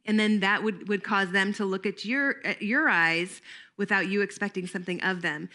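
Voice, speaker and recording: A woman's voice: mid-range voice, bright, forceful tone. A woman leading a training workshop for camp staff, talking conversationally and drawing the audience in with questions.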